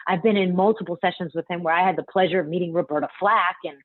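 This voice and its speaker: A young woman singer telling stories in a casual interview, animated and quick to act out what others said. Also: on the low side, no room sound. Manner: animated, acts out quotes, laughs often. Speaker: singer and guest. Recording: tinny phone-line sound.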